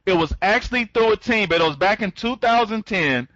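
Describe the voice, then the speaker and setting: Excitable rambling man on dull audio. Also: high-pitched, brisk, no echo. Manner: speeds up when excited; rambling, with many restarts, greeting listeners by name. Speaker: online program trainer. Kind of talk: live online training talk.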